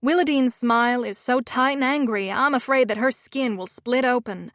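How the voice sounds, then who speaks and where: A woman's voice: fairly high pitch, moderate pace, a bit bright, no room sound, clean studio sound. A woman narrating a romance audiobook in the first person, with a wry, sardonic manner.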